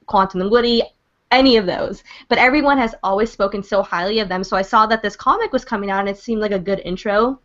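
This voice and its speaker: A woman's voice: medium pitch, fairly bright tone. A chatty woman rambles through a casual review, full of fillers and little restarts. Her voice sits mid-range and sounds muffled and lo-fi over the call. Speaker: guest reviewer. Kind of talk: casual comic book review.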